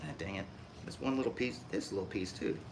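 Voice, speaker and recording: A man's voice: low-pitched, fast, background noise. A middle-aged man with a Hoosier accent from Indiana, chatting casually on his live stream while he works, folksy and rambling with frequent chuckles. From Indiana, USA.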